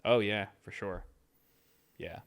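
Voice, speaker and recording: A man's voice: on the low side, steady tone, takes it slowly, clean tone. A young man from California co-hosting a podcast in a laid-back, slangy way. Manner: laid-back, slangy, says dude a lot. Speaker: podcast co-host. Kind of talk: casual chat.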